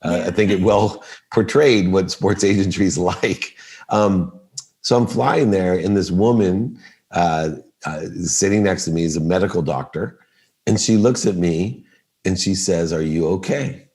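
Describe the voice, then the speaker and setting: A middle-aged man with a low, deep voice tells a story on a podcast. He is animated and acts out each person's lines as he goes. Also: a little slow. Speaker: podcast guest. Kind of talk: storytelling in a casual interview.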